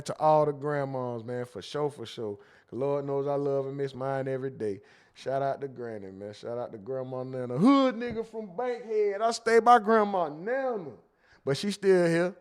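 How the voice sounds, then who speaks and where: A man's voice: sits high, clean tone. A man hosting a casual livestream, reading chat comments aloud and joking about them.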